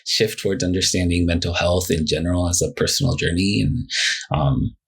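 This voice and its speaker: A man with a deep, slightly husky voice chats as a podcast guest about his therapy work. He talks in an animated, loose way, full of fillers and quick acted-out client quotes. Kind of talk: casual podcast conversation.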